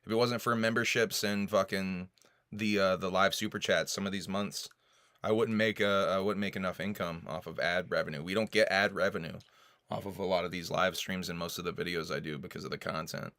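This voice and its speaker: A man's voice: sits low, steady tone, a little fast, a bit bright, no echo. A man hosting a casual livestream chat, loose and profane, laughing and coughing often. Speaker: host.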